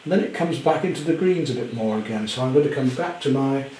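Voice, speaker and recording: A man demonstrating a painting at home, chatty with gentle self-deprecating humour. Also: medium pitch, animated, quick pace, roomy sound, slight background noise, poor audio. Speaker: art teacher. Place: indoor studio at home.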